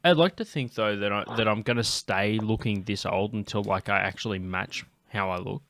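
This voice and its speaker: A man's voice: on the low side, normal speed, gravelly, fairly bright tone. A young Australian man hosting a comedy podcast, chatting casually in a crude, rambling way with a lot of swearing. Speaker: podcast host.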